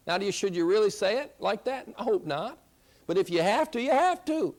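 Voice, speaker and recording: A man's voice: high voice, lively intonation, fairly quick, a little mellow. A man teaching a Christian counseling class, emphatic, repeating key phrases and asking rhetorical questions. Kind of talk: classroom lecture.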